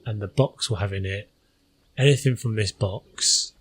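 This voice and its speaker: A man's voice: lowish voice, moderate pace, breathy edge. A man hosting a gaming channel, talking through his gameplay in a casual, hesitant way with many fillers.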